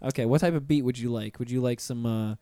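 A laid-back man hosts a casual chat show, teasing his guest in loose street slang. His voice sits at an ordinary pitch, recorded close up on a studio mic with a dry sound. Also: fast talker, mellow, clean tone, no echo. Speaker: podcast host.

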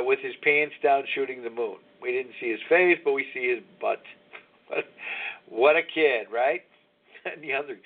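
Sixties male host, slightly high voice, rambling confessional monologue over a phone-thin line. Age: 60s. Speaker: radio show host. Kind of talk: candid recovery talk show monologue. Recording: tinny phone-line sound.

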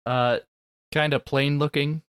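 Podcast co-host; dry, joking, mid-pitched, dry close sound. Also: steady tone, unhurried, clear, resonant tone, dry recording. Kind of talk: casual group chat.

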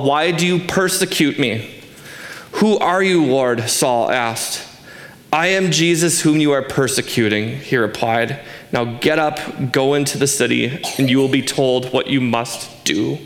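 A man's voice: a little high, a bit bright, roomy sound. A man in his forties giving a sermon as pastor, earnest and emphatic, asking rhetorical questions. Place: church sanctuary.

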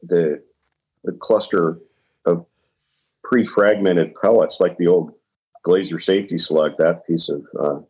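A man's voice: sits low, fairly even intonation, unhurried, long pauses, darkish tone, husky, lo-fi sound. An older man and retired ER doctor talking bluntly and frankly in a casual podcast chat, with hesitant fillers.

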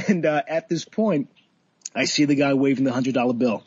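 A man, a bartender, casually telling a work story, animated, swearing and acting out what people said, with laughs. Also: medium pitch, normal speed, breathy edge, no echo, highs cut off. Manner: animated, swearing, laughs often, acts out quotes.

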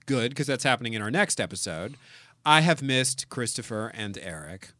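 Bright-voiced man co-hosting a chatty podcast. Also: mid-range voice, normal speed, no echo. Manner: animated, wry, reads listener comments aloud. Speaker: podcast co-host. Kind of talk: casual podcast chat.

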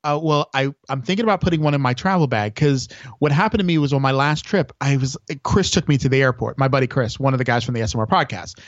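A man's voice: medium pitch, quick pace, hardly any pauses, dry recording, highs cut off. A man chatting as a podcast guest, telling long stories with lots of restarts. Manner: rambling storyteller with many restarts. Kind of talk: casual chat.

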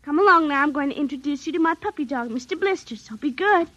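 An eager little girl pleads and chatters in a very high, bright voice. It is a 1950s radio drama with faint hiss under the voice. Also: expressive, fast, highs cut off. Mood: playful. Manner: pleading, childlike. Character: young girl, eager and willful.

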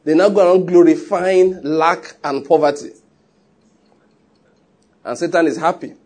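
A man's voice: a little high, fairly even intonation, a little slow, a little mellow. A male pastor preaching a sermon emphatically, with rhetorical questions.

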